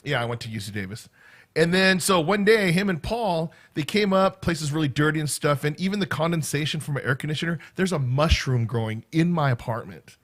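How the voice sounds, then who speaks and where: Animated and brisk, this middle-aged man chats to camera in a high, fairly bright voice. As a vlogger, he rambles from story to story, peppering everything with "right?" and "okay?"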